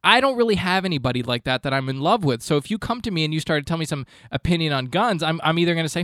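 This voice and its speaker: Deadpan, mock-earnest male comedy podcast host. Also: on the high side, racing, few pauses, no room sound, clean studio sound. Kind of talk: comedic monologue.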